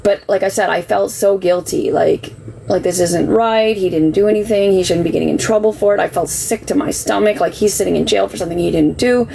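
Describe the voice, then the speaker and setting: A woman's voice: mid-range voice, brisk, gravelly, mellow, slight background noise, poor audio. A middle-aged woman telling a personal story on a livestream, earnest and defensive, getting worked up as she talks. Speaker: livestream host. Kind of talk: emotional personal account.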